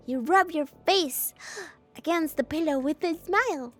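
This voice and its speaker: A woman streamer reading a story game aloud, breaking off into playful, expressive reactions and jokes about her own reading. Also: sits high, measured pace, faint music behind.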